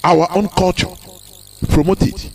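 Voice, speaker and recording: A man's voice: high voice, fairly even intonation, moderate pace, vocal fry, soft background music. A man with a Nigerian Igbo accent giving a live broadcast speech, emphatic and full of repeated rhetorical questions. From southeastern Nigeria. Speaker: activist broadcaster.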